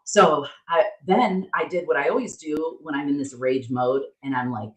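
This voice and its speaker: A woman's voice: low-pitched, moderate pace, hardly any pauses. Candid woman telling a story in a roomy room. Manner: animated, candid, swears freely. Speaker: podcast co-host. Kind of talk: casual storytelling chat. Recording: roomy echo.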